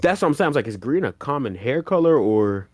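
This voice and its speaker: A man's voice: mid-range voice, very animated, fast talker, darkish tone, no echo, studio quality. A man co-hosting a podcast, animatedly recapping an anime plot in casual slang and acting out the characters' lines. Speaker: podcast co-host.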